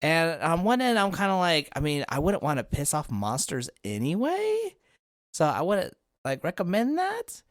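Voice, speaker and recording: A man's voice: fairly high pitch, moderate pace, no room sound, studio quality. A man in his thirties co-hosting a podcast, chatting casually and a little tipsy, rambling through his stories. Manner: rambling, lively storyteller. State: tipsy from drinking. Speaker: podcast co-host.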